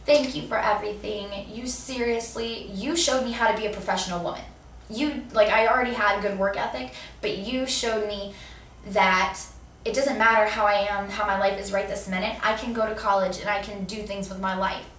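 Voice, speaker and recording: A woman's voice: mid-range voice, steady tone, moderate pace, a bit bright. A young woman vlogger giving an earnest, heartfelt personal message while seated indoors. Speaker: vlogger host. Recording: roomy echo, distant mic, faint room noise.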